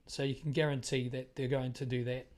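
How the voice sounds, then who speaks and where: Here the New Zealand-accented show host speaks in a mid-range, slightly mellow voice with little pitch movement and a fairly quick pace. He offers emphatic monologue commentary on current events, repeating phrases for effect.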